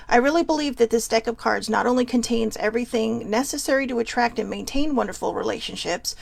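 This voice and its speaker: Chatty woman host with a gravelly edge. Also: fairly high pitch, rough recording. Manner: chatty, laughing, swears casually, reads aloud as she goes. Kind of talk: casual card-reading chat.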